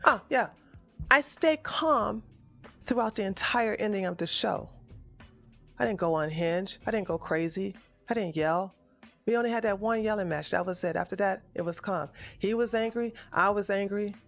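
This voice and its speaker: A man's voice: high-pitched, moderate pace, vocal fry, fairly bright tone, faint music behind. A political livestream host talking through an argument on his show in an emotional, stammering way that keeps correcting itself. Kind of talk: livestream commentary.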